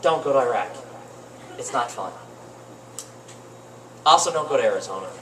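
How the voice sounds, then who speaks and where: A young man doing rambling open-mic stand-up comedy in a cafe, with deadpan asides. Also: mid-range voice, normal speed. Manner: rambling, deadpan asides, lively swings into mock voices. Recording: roomy cafe with faint noise, distant mic.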